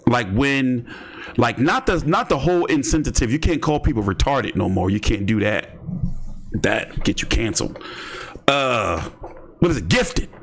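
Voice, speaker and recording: A man's voice: mid-range voice, animated, moderate pace, slight background noise. A man hosting casual boxing commentary, rambling and joking with slang and lots of fillers. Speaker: host.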